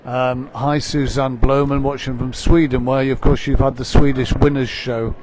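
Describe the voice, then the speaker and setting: A man's voice: medium pitch, flat delivery, moderate pace, a little mellow. A man presenting a live dog show stream, chatting with his co-commentator and reading out greetings from viewers.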